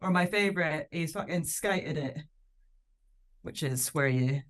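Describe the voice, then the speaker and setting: Scottish woman comic, thirties, low-pitched, brisk and playful anecdotes. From Scotland. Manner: lively storytelling, laughs often, puts on voices for quotes. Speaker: comedian guest. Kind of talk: casual podcast chat.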